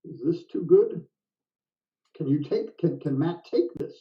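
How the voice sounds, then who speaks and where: An older man calling a game live, chatty and full of quips, with a slightly high voice. He sounds set back from the mic, and the audio is dull and muffled. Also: lively intonation, far from the mic. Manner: chatty, jokey, quick to laugh. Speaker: backgammon commentator.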